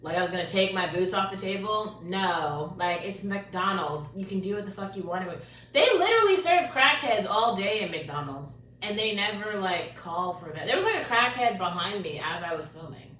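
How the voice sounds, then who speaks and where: A woman's voice: animated, normal speed, slight background noise. Woman, casual profane rant, bursts and mutters, echoey room, distant mic. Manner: profane, swings between loud laughing bursts and low mutters. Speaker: vlogger.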